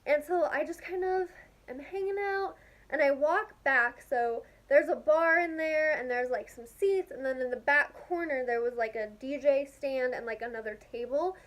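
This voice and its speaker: A young woman with a high voice chats casually to her vlog audience. She gushes with excitement and peppers every sentence with "like". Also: moderate pace. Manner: gushing, excitable, heavy use of "like". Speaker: vlogger. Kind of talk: casual storytelling to camera.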